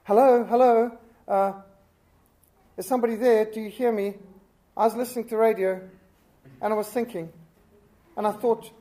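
A man's voice: sits high, fairly even intonation, mellow, lightly acted. A man voicing a rambling radio caller who stumbles and repeats himself. The caller hesitates and fills every gap. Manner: halting, repetitive, filler-laden.

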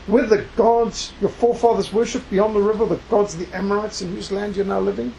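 A preacher and missionary giving a sermon, reading scripture aloud and slowing down to stress key words. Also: medium pitch, a little mellow, slight background noise, low-quality recording. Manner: reads scripture aloud within the talk.

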